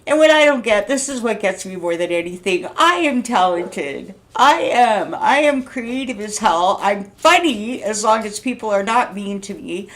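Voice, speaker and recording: Loud chatty woman vlogging. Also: medium pitch, animated, normal speed, few pauses. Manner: loud, chatty, laughs often, rambling. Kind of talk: casual talking vlog.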